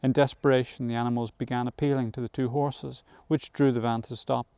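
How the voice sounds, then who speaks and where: A man narrating a novel aloud as an audiobook reader, in a measured storytelling manner that includes occasional self-corrections. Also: medium pitch, level tone, dark tone, clear, resonant tone, no room sound.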